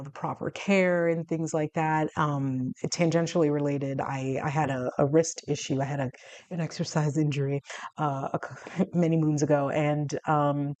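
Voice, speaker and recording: An American woman in her forties chats casually to the camera about her health, her voice a little mellow in a dry recording. She laughs often and acts out dialogue with big jumps in pitch.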